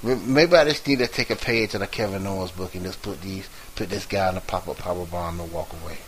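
A man co-hosting a casual wrestling chat, animated and emphatic, laughing often. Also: deep voice, fast talker, slight background noise, low-quality recording. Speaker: wrestling show co-host.

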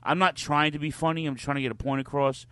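A man's voice: on the high side, fairly even intonation, fast talker, sharp tone, clear, resonant tone, no echo. A man co-hosting a live wrestling podcast, talking casually and bluntly, swearing freely as he rants. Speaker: podcast co-host.

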